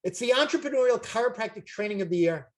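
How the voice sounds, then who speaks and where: An older man, making an emphatic, repetitive, jokey sales pitch on a video call as a chiropractic seminar promoter. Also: lively intonation, fast talker. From Brooklyn, New York.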